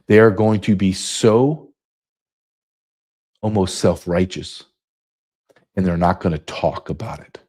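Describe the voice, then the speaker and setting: This podcast host, a man from the United States in his fifties, delivers a monologue in an emphatic, repetitive way. He has a deep, mellow, husky voice.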